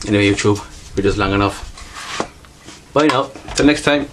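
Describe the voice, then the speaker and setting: A man's voice: fairly low pitch, normal speed, pauses often, noisy background. Chatty man with a strong regional accent. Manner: chatty, repeats himself often. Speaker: bushcraft vlogger. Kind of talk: casual unboxing vlog.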